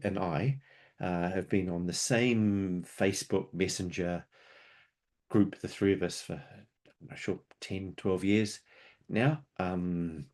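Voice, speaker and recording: A man with a somewhat low voice presents an unscripted webinar. He talks conversationally and explains his points through homely analogies and little stories. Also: a little mellow.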